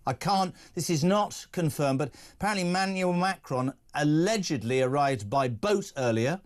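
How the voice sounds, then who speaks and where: A man's voice: a little high, expressive, moderate pace. A man hosting a radio talk show, brash and mocking as he chats with a guest. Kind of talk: opinionated drive-time chat.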